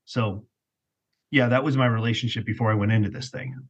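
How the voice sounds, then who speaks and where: A man's voice: on the low side, fairly even intonation, a little fast, breathy edge, muffled recording. A man guest on a podcast, candidly telling his own story in casual talk and often repeating words as he goes.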